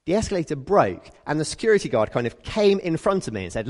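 A British man preaches in an easy, conversational way, telling everyday stories and slipping into the voices of the people in them. His pitch rises and falls a great deal as he goes. The sound rings with the long echo of a church hall. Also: fast, few pauses. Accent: British English. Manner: lively storytelling, acts out quoted people. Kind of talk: conversational sermon.

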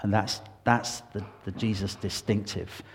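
An earnest man explains his faith in an unscripted question-and-answer session. He talks with energy and slips into quoted voices as he goes. His fairly low voice rings out with a long hall reverb. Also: measured pace, creaky, a little hiss or hum. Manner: earnest, animated, acts out quoted speech. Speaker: Christian speaker answering questions.

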